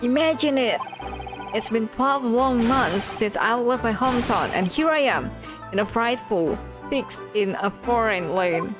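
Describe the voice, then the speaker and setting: A woman's voice: mid-range voice, unhurried, close to an everyday voice. A woman voicing a paranoid, theatrical young male student poet who speaks in melodramatic, alliterative outbursts, over game music.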